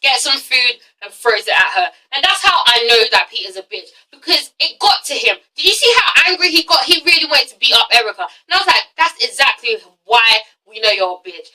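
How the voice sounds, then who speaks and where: Young woman reviewer, high and piercing, blunt and foul-mouthed, mic set back a little. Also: very animated, fairly quick, few pauses, sharp tone, far from the mic, poor audio. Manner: blunt, profane ranting. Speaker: TV reality show reviewer. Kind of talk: casual vlog review.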